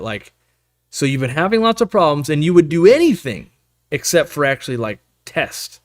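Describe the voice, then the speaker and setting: A male host talks loosely to his live chat, rambling and joking as he reads viewers' messages aloud. His voice sits a little higher than most men's, and he speaks casually into a desk microphone. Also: sing-song, fairly quick. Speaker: host of aquarium live stream.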